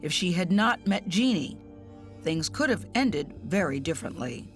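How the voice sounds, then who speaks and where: A woman correspondent reading scripted news narration in a measured, even way. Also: fairly low pitch, soft background music.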